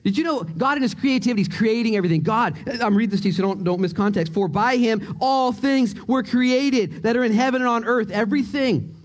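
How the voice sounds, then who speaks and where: A man preaching from the pulpit with a notably high voice for a man. He's animated and playful, cracking jokes and getting excited as he tells stories to his congregation through a microphone. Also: brisk, hardly any pauses. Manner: animated, joking, excitable storyteller. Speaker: pastor. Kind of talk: sermon. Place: church sanctuary.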